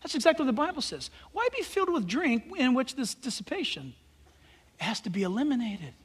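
A male pastor preaching a sermon, emphatic and swinging between loud declarations and hushed asides. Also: extremely high pitch, big pitch swings, a little fast, slightly rough. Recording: long hall reverb.

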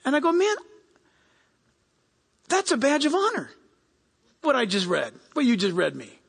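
High-voiced preacher in a reverberant hall. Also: male voice, a little slow, gravelly, breathy edge. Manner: animated, acts out quoted people in raised voices. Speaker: pastor. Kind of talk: sermon.

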